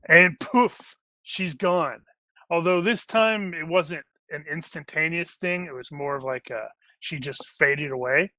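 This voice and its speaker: Bright-voiced rambling man running a game. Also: fairly high pitch, unhurried, no room sound. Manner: rambling, many fillers and restarts. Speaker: game master. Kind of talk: narrating a tabletop game.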